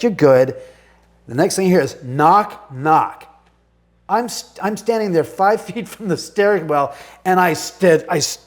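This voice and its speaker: Animated storytelling man, high voice. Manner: vivid, acts out his own thoughts. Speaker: homeowner guest.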